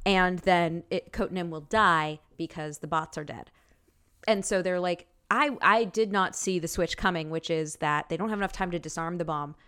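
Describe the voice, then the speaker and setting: A woman co-hosting a casual movie review podcast, chatty and excitable, swearing now and then. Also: on the low side, moderate pace, smooth. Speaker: podcast co-host.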